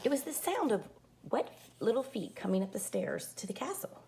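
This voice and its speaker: Animated woman reading a storybook aloud. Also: on the high side, moderate pace, gravelly. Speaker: teacher.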